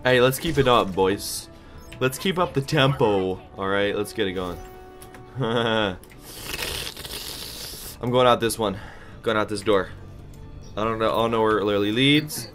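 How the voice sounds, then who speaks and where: Young guy hyping up his own game, jokey trash talk, quiet music under it. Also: on the low side, a little slow, long pauses. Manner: hyped, joking trash talk, laughs a lot. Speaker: gaming YouTuber. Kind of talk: casual gameplay commentary.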